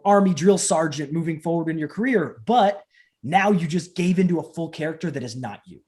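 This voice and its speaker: A man in his thirties, a professional wrestler and trainer, chatting in an interview from home over a video call and acting out quotes as he tells stories. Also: fairly quick. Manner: animated storyteller acting out quotes with big pitch jumps. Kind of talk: casual interview chat.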